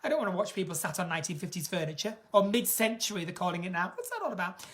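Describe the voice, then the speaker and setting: A woman's voice: on the low side, very animated, racing. A woman hosting a casual live stream, chatting in a camp, gossipy and theatrical way. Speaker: singer and live-stream host.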